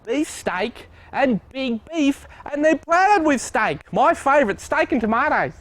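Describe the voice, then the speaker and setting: A man's voice: very high-pitched, big pitch swings, a little slow, a bit bright, no echo. A man, a co-host asking playful, silly questions in tongue-in-cheek banter outdoors at a nursery. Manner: goofy, playful, cracks silly jokes.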